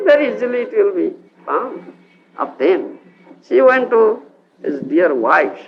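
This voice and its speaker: Odia-accented man, devotional lecturer, gravelly edge, dull lo-fi 1980s tape. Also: a little high, slight background noise. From India. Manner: frequent checks with the audience, acts out quoted voices. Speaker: spiritual teacher. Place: lecture hall in India.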